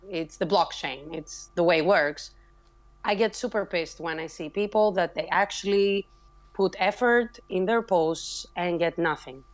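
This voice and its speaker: A woman talks with passion and emphasis in a relaxed online voice chat. Her voice is fairly low, and she often restarts her sentences as she pushes her point. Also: unhurried. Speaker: community member introducing herself. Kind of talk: casual voice chat.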